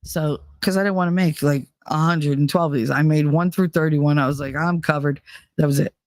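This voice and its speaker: A woman hosting a podcast who tells casual stories in an animated, profane way, leaping up in pitch when she quotes people. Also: fairly quick, no room sound, studio quality. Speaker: podcast host. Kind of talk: casual storytelling.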